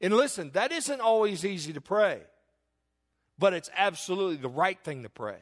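A middle-aged male pastor telling a personal story in a sermon, earnest, rising to emphatic declarations and dropping to hushed tones. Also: high-pitched, sing-song, moderate pace.

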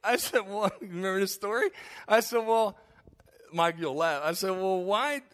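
Male pastor, high bright voice, comic sermon storytelling, chuckles at his own jokes. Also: normal speed. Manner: laughs often at his own stories, animated.

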